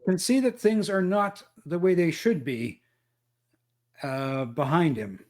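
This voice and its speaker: A man running a tabletop role-playing game as game master, describing the action with frequent pauses and fillers. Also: a little high. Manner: measured, thinking aloud with fillers.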